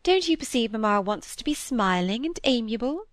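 A woman reading the part of a witty, playful young Victorian woman, light and teasing, a little higher in pitch. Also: big pitch swings, a little fast, dry recording, studio quality. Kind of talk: audiobook character reading.

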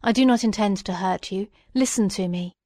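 A woman voicing a lonely, vengeful male creature, speaking slowly and gravely in a storybook reading. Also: medium pitch, dark tone, no echo, clean studio sound, natural voice. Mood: stern. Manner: slow and grave.

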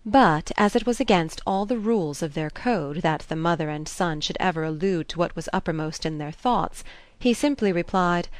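A woman narrating a classic novel, her voice low and steady. The reading is measured and even, recorded dry and close with no room around it. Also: no echo. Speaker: audiobook narrator.

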